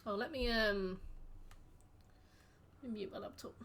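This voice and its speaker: A woman's voice: mid-range voice, a little slow, a bit bright. A woman streaming a game, chatting casually with her viewers in a rambling, playful way. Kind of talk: casual chat while gaming.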